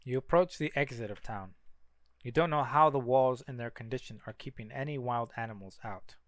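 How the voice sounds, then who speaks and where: A man's voice: mid-range voice, a little fast, dry recording. A man reading a narrative game aloud during a playthrough, with casual asides. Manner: casual asides between lines.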